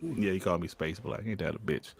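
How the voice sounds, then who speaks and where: A man's voice: deep voice, brisk, creaky, slightly rough. A man hosting a casual gaming podcast, reading viewer messages aloud in a laid-back, slangy way and laughing often. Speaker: podcast host. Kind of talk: casual chat, reading super chats.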